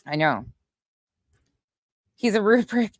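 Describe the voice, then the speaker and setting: A woman's voice: mid-range voice, big pitch swings, slow, no room sound. Blunt woman livestreaming outdoors. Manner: blunt, swears, greets chat names. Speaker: livestream host. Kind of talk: casual livestream chat with viewers. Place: outdoors at night, windy.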